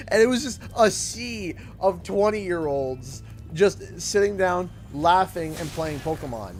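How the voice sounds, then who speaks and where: A man's voice: high-pitched, lively intonation, moderate pace, few pauses, soft background music. A man with a Canadian accent, chatting casually while streaming a game, telling rambling stories with frequent laughter and restarts. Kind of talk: casual chat while gaming.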